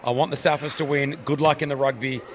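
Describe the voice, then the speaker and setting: A man's voice: mid-range voice, fairly even intonation, quick pace, a little hiss or hum. A middle-aged man from Australia hosting a breakfast radio show, joking and leading the banter. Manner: playful, jokey, leads the talk.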